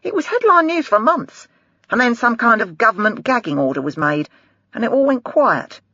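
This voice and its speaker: A reader playing a brash middle-aged detective, blunt and sarcastic, quick to swear. The delivery swings with animated pitch over a husky, dry voice. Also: no room sound, highs cut off, heavily acted. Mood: lecturing.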